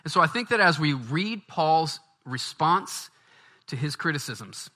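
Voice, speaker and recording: Bright, animated preacher. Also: male voice, a little high, measured pace. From Baton Rouge, Louisiana, US. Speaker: pastor. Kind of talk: sermon.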